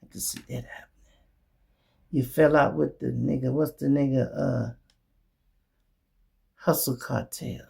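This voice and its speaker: Gravelly man, blunt street commentary. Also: mid-range voice, steady tone, unhurried, long pauses, darkish tone. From Memphis. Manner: blunt, profane, mocking, acts out others' voices. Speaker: show host. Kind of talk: commentary monologue.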